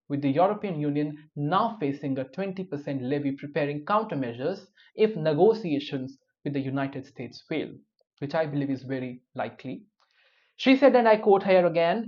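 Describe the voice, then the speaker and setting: A man's voice: fairly high pitch, animated, moderate pace. A man giving news commentary, dropping wry, opinionated personal asides between the reports. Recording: dull lo-fi recording.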